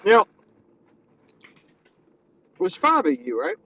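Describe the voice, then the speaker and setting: Male host, gravelly, animated pitch, deadpan mock-lecturing banter. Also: slow pace, slight background noise, rough recording. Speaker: stream host. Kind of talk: casual joking banter.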